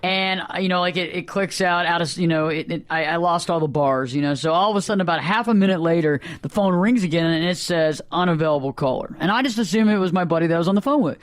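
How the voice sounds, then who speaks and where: A man hosting a radio talk show, telling anecdotes in lively casual chat and acting out the people in them. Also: on the high side, fast, hardly any pauses, no room sound. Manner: animated, acts out voices in anecdotes.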